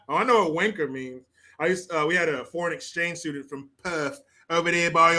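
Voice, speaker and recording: A man's voice: on the high side, expressive, normal speed, sharp tone. Playful American man reading chat. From United States. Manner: laughs often, playful, crude banter. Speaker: livestream host. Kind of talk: casual live commentary reading chat.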